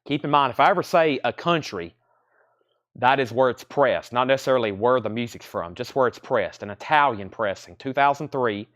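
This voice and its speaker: A man hosting a live online record sale. He briskly lists titles and prices and repeats them as he goes. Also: medium pitch, animated, fairly bright tone. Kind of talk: live online sales stream.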